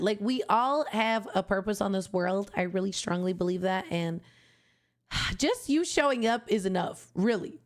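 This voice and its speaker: A young woman streamer reacting to an album, talking in a heartfelt, gushing way that turns tearful at times. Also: mid-range voice. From Canada. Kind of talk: emotional casual reaction commentary.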